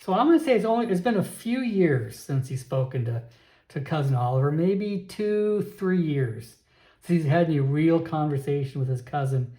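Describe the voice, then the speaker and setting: A man narrating a solo tabletop game, thinking aloud with frequent pauses and restarts. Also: a little high, animated, mellow, roomy sound.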